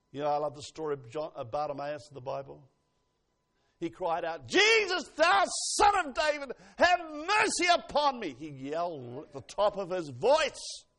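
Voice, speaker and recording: Preaching in a slightly high voice, this man moves from hushed remarks to loud outbursts. Scripture passages get a slow, emphatic reading.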